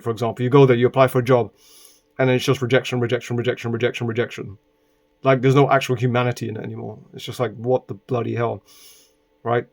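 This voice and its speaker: A man raised in Britain, recording a casual vlog indoors. He rambles through a personal story at a middle pitch, leaning on "right?" to keep the listener with him. Exasperated asides break into the telling. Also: a little mellow. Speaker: vlogger.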